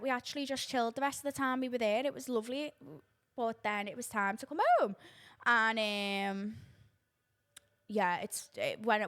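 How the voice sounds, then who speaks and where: Animated young woman. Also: fairly high pitch. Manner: animated, sweary, acts out quoted voices. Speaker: podcast host. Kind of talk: casual storytelling chat.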